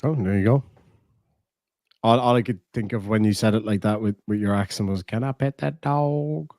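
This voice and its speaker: A man's voice: fairly low pitch, fairly even intonation, a little fast, darkish tone, no echo, clean studio sound. A man hosting a livestream, reading out donations and telling profane, jokey stories in casual chat. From Ireland. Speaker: livestream host.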